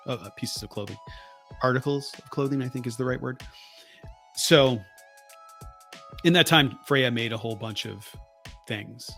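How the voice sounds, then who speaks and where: A man's voice: medium pitch, gravelly, bright, forceful tone. A man in his thirties co-hosting a podcast, telling rambling stories and correcting himself as he goes. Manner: rambling storyteller, self-correcting. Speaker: podcast co-host. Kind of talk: casual chat.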